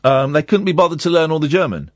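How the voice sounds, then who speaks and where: A man hosts a late-night radio phone-in, talking casually and jokily and delivering some lines with mock sincerity. His slightly high voice is animated and fast. The clean studio microphone sound has no echo.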